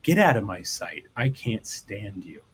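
A man's voice: on the low side, very animated, a little slow, slight background noise. A man reading as a scornful little monk. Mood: disdainful. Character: scornful little old male Zen monk.

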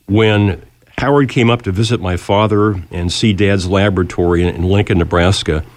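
A man's voice: sits low, no echo. A man hosting an interview, chatty and fond of telling stories. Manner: chatty storyteller. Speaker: radio host. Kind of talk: interview talk.

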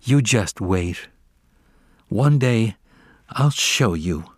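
A man voicing a young outcast male kitten who talks back quietly and defiantly. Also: on the low side, animated, very slow, breathy edge, dry recording, studio quality, exaggerated voice. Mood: quiet resolve.

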